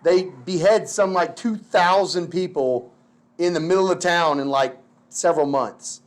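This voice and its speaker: A man teaching history in a casual, slangy, animated lecture full of filler words. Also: high voice, unhurried. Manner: slangy, animated, lots of "like" and "dude".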